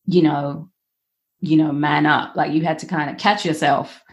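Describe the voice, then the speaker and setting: Lower-voiced woman host, animated. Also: moderate pace. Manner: animated, laughing easily, warm agreement. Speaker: interviewer, host. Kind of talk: candid conversational interview.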